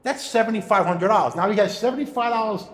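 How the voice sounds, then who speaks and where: A man with a high-set voice tells stories in casual chat, animatedly acting out the voices of the people in them. The room is echoey with a long reverb tail. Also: fast, a bit bright. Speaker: storyteller. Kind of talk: casual storytelling.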